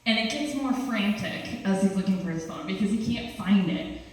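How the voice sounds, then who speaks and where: A young woman telling a story live on stage, animated and laughing as she acts out the other people's lines. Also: mid-range voice, moderate pace. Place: small cultural center hall with a small audience. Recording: echoey hall, distant mic, faint hiss.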